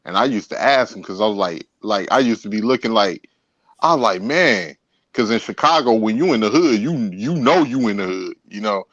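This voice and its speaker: A man's voice: on the low side, lively intonation, a little fast, a bit bright, no room sound. Laid-back man host on a dull dry mic. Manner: laid-back, laughs easily, hesitant with fillers. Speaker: podcast host. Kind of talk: casual podcast conversation.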